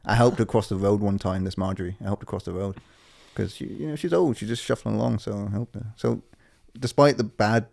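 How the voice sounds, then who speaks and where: A man's voice: lowish voice, fairly quick, vocal fry, hardly any pauses, darkish tone. A man co-hosting a podcast, telling rambling stories in casual chat and swearing a lot. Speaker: podcast co-host.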